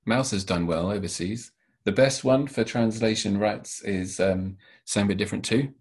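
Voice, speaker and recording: A man, a children's author, being interviewed and answering in a thoughtful, halting way. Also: fairly low pitch, darkish tone, breathy edge. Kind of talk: interview conversation.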